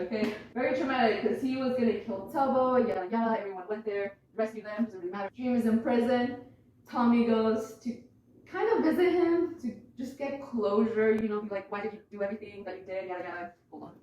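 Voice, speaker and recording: Young woman, brisk chatty presenter, a bit high-pitched, mic far off in a boomy room. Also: a little mellow, heavy reverb, slight background noise. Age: young adult. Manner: rambling, chatty, swears and laughs. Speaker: student presenter. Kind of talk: casual presentation to family.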